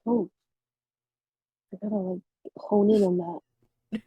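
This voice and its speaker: A young woman chatting casually on a video call with her book club, full of quick apologies and exclamations. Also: mid-range voice, steady tone, husky, dry recording, highs cut off. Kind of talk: casual chat.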